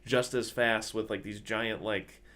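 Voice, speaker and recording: A man co-hosting a podcast, talking casually and excitedly about a movie, with lots of fillers as he describes scenes. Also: lowish voice, measured pace. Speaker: podcast co-host.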